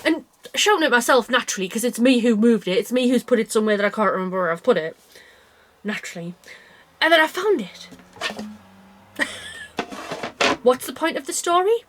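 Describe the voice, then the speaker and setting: A British woman from the United Kingdom chats to camera from her bedroom, cheerfully rambling about her cross stitch with lots of self-deprecating asides. Her voice is a little high and a bit bright, very animated, at a moderate pace with long pauses. Slight background noise is audible.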